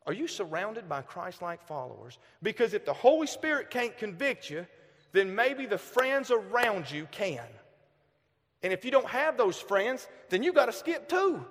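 Southern male preacher, 30s, high voice, animated storyteller, long church-hall reverb. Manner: animated, shifts from loud bursts to hushed asides. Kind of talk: storytelling sermon.

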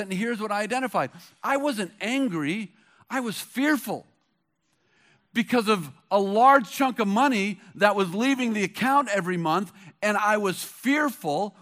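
A man's voice: high voice, fairly bright tone. A middle-aged male pastor preaching a sermon, telling stories conversationally and pushing hard on key points. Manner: conversational storytelling with bursts of emphasis.

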